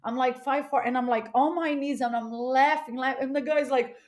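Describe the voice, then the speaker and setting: A woman guest on a podcast telling a candid, animated story, often laughing and repeating words for emphasis. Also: sits high, brisk.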